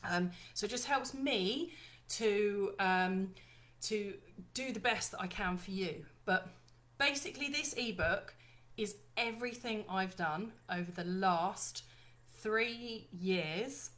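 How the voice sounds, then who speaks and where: A woman's voice: medium pitch, slow pace, a bit bright. A woman hosting a casual live stream, chatty and bubbly, talking straight to her viewers. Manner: chatty, bubbly, apologetic, addresses viewers as lovely ladies. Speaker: live-stream host launching her ebook.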